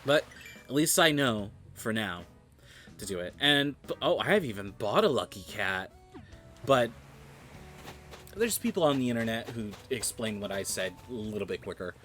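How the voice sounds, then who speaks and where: A man's voice: lowish voice, very animated, normal speed, fairly bright tone, soft background music. A man streaming a game, giving casual, rambling commentary and joking with his viewers.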